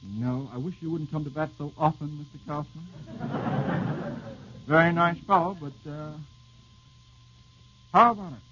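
A man with a voice on the high side hosts an old-time radio quiz, with a noisy background on the dull, lo-fi broadcast. Wry and fast with jokes, he banters with his panel and reads out listener questions.

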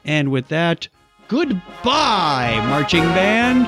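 A man's voice: on the high side, wildly swooping pitch, drawn-out words, vocal fry, pauses often, over music. A man hosting a podcast in casual banter, chatty and jokey, with plenty of asides. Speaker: podcast host.

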